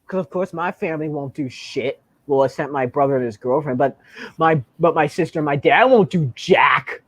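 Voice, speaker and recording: A man's voice: fairly high pitch, moderate pace, fairly bright tone, no room sound. A man hosting a livestream in casual chat, eager and repeating himself often. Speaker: livestream host.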